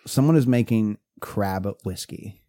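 A Pennsylvanian podcast co-host with a warm, lowish voice takes his time in laid-back conversation. He wanders off track, restarts often, and chuckles through his stories, recorded at studio quality without any room sound.

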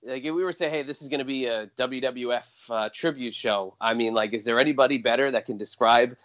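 A man of middle pitch rambling through long explanations in a casual podcast chat. The audio is dull and lo-fi. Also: fast, a bit bright. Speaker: podcast guest. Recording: dull lo-fi sound.

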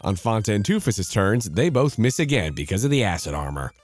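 A man giving scripted narration of a tabletop role-playing battle, lively and reading out dice rolls. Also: on the low side, fairly quick, faint music behind.

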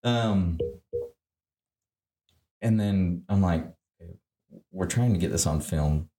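Low-voiced hunting guide in a roomy echo. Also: male voice, takes it slowly. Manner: animated, acts out his own quoted lines. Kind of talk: casual storytelling.

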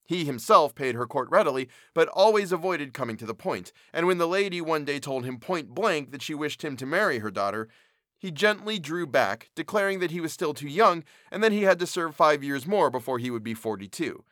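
A man narrating a classic story in an expressive, measured reading. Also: fairly high pitch, dry recording, studio quality.

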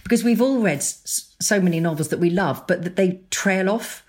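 A middle-aged woman novelist chatting in an interview, animated, laughing often and restarting her sentences. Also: on the low side, fairly quick. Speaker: novelist guest. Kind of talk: casual interview chat.

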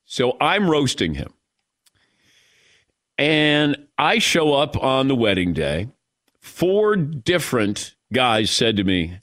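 A man's voice: medium pitch, big pitch swings, slow pace, fairly bright tone, dry recording. A middle-aged man hosting a sports radio show, telling a story in a casual, self-mocking and emotional way.

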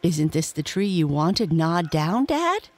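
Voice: medium pitch, sing-song, slow, soft background music. Reader doing a cocky little beaver boy, eager to show off, bedtime story. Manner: boastful.

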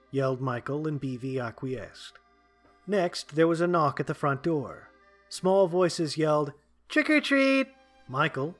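A man narrating a dark short story in a steady, wry way. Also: on the high side.

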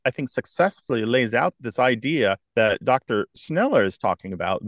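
Measured man explaining in a dry studio. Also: medium pitch, dry recording. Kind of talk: conversational explanation.

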